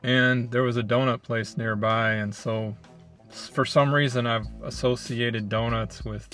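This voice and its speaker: Male food-review host from Michigan, relaxed and musing, mid pitch, faint music underneath. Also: a little slow. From Flint, Michigan. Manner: relaxed, thoughtful, lots of ums. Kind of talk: casual food review chat.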